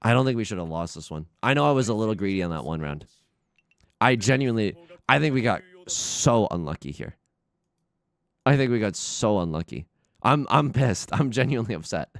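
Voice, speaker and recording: A young man hosting a let's play, giving excitable, self-mocking commentary on his game that swings from muttering to shouting. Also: on the low side, fairly quick, no room sound. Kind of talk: gameplay commentary.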